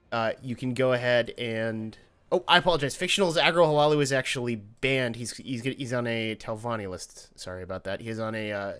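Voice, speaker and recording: A man's voice: medium pitch, a bit bright. A man casting a card game tournament, chatty and joking, who stops to correct himself. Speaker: tournament caster. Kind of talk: casual esports commentary.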